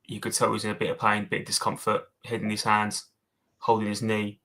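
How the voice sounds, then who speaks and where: A man's voice: lowish voice, completely flat delivery, fast talker, bright, forceful tone. A man co-hosting a casual fan podcast, giving blunt opinions, swearing and calling his co-host mate. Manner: blunt, matey, swearing, says mate a lot.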